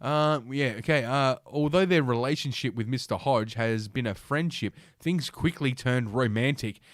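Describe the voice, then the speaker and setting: A man hosting a podcast reads through an article at a moderate clip, his voice mid-range, scoffing at it with profane, crude remarks. He cracks himself up with his own jokes. There's no room sound, just studio-quality audio.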